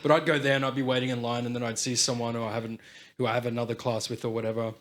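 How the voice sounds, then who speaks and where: Fast-talking, bright-voiced podcast host. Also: male voice, medium pitch. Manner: animated, quick storytelling with voice imitations. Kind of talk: casual chat.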